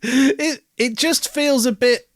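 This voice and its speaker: A man, co-hosting a casual album review podcast, animated, swearing freely and laughing often. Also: very high voice, takes it slowly, no room sound, studio quality. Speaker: podcast co-host.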